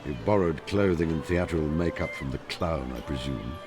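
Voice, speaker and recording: An actor playing a retired elderly male detective in a video game, speaking in a measured, formal, deductive way. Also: a bass voice. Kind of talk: game voice acting. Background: game music.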